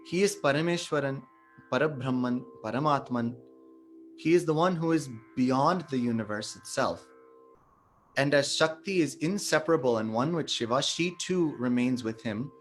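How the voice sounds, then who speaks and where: A man giving a devotional satsang talk, retelling a sacred story in a measured, explanatory way and stressing the holy names. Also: medium pitch, soft background music. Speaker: satsang speaker.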